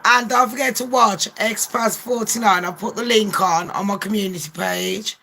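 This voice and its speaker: A woman's voice: medium pitch, fairly even intonation, moderate pace, vocal fry, bright, forceful tone, slight background noise. A woman ranting in a casual gossip vlog, brash and full of swearing, laughing often. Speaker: gossip vlogger.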